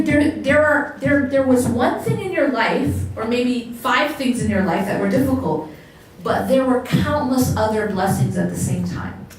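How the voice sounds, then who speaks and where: A woman with a fairly high voice gives a religious lecture, speaking conversationally and turning to the audience with questions. Her voice rings through a very echoey hall and is captured from some distance away, with faint noise underneath.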